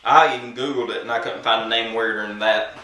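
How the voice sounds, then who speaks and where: A man's voice: medium pitch, fairly even intonation, bright, forceful tone. Boastful man in an echoey room. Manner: boastful, brash, with drawn-out pauses. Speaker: comedic vlogger. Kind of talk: comedic monologue to camera.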